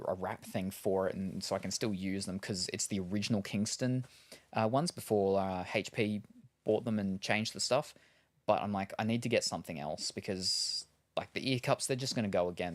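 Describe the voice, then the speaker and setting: A man chatting casually while unboxing gear, rambling with lots of ums and asides. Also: lowish voice. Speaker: streamer.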